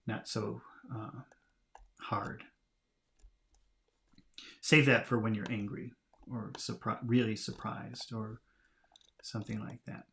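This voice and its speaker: A man teaching English vocabulary by reading a storybook aloud, talking in a relaxed, chatty way and laughing at himself. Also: medium pitch, measured pace, gravelly. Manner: relaxed, chatty, laughs at himself, lively voices for quoted lines.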